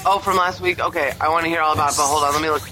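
A man with a high, very bright voice chats casually as co-host. He is animated and teasing. A faint hum of noise sits under the recording. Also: very fast, rough recording. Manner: animated, reads poems aloud in a mocking voice. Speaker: podcast co-host. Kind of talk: casual chat.

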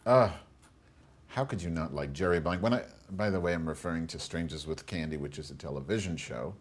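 A man's voice: deep voice, brisk. A man hosting a solo podcast on a lavalier mic, rambling with crude, camp asides. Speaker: host.

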